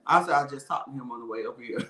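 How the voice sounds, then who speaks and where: A man's voice: mid-range voice, racing, echoey room, a crowd in the background. A man hosting a casual live stream. He teases his co-host in a sassy, blunt way.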